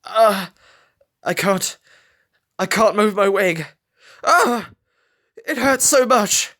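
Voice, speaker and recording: A man voicing a small, injured male falcon with a squeaky, pained voice, in a read-aloud fan story. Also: animated, very slow, full character voice. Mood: anguished. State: in pain.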